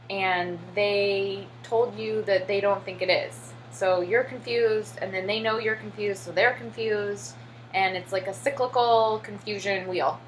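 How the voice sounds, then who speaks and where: In a casual vlog, a young American woman who teaches English in Korea chats away with plenty of fillers and "like," acting out her pupils' voices as she tells stories. Her voice sits at a medium pitch and sounds a bit bright. The audio is poor, with a little hiss or hum.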